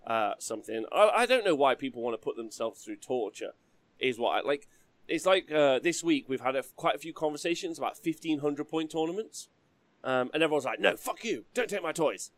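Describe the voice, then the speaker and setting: A man hosting a casual hobby livestream, chatty and quick to laugh as he reads out donations. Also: on the high side, expressive, no echo. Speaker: livestream host.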